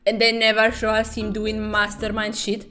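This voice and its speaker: A woman's voice: medium pitch, monotone, normal speed, sharp tone. Sarcastic, profane young woman recapping comics. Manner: sarcastic, profane, mocking asides and dramatic readings. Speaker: webtoon commentary host. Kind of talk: comedic recap and commentary.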